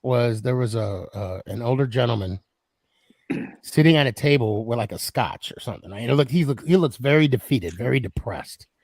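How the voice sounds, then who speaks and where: A man's voice: mid-range voice, animated, normal speed, a little mellow, no room sound. A man hosting a live podcast stream, chatting casually and laughing easily. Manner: laughs easily, friendly banter. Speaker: podcast host.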